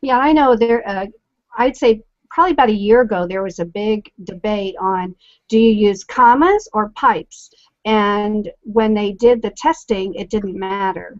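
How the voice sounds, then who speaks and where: A woman's voice: medium pitch, a little slow, no echo. A woman co-hosting a casual online discussion, chatty and explaining with examples over a video call. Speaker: co-host. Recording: dry, lo-fi call audio.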